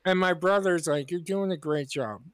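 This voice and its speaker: A man co-hosting a podcast, speaking in relaxed, reflective casual chat and giving quick agreeing replies. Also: sits high, clear, resonant tone, no room sound. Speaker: podcast co-host.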